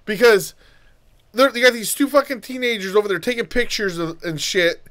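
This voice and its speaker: A man's voice: high voice, expressive, fairly quick, a bit bright. A man co-hosting a podcast, ranting heatedly and profanely in casual chat. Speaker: podcast co-host.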